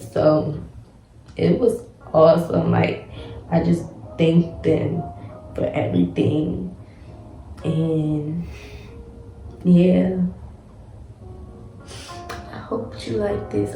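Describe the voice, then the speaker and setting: Mellow-voiced woman podcast host in an echoey room. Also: lowish voice, big pitch swings, takes it slowly, vocal fry, long pauses. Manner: rambling and repetitive, heavy use of "like". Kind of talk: casual solo storytelling. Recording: echoey room with faint music.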